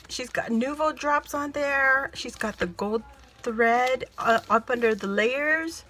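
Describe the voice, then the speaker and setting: A woman vlogger opens craft mail with breathless delight, her high voice swooping all over. She talks in an unhurried way with a bright, forward tone, and soft music plays behind her. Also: animated, a little hiss or hum. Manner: gushing, breathless, keeps exclaiming and laughing. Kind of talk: excited unboxing chat to camera.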